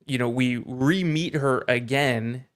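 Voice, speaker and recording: Speaking slowly in a mid-range voice, a male podcast guest keeps things casual and conversational. He grows passionate, getting excited as he talks.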